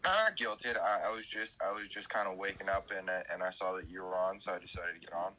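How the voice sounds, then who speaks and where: A man's voice: low-pitched, fast, bright, forceful tone, slight background noise, poor audio. A man dropping into a stream to chat in a laid-back, slangy way. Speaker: guest caller. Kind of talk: casual voice chat.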